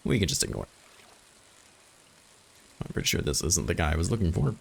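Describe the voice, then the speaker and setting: This man's low, creaky voice swings widely in pitch as he talks briskly over a farming game. He thinks aloud and makes dry, self-deprecating jokes while playing. There's slight background noise.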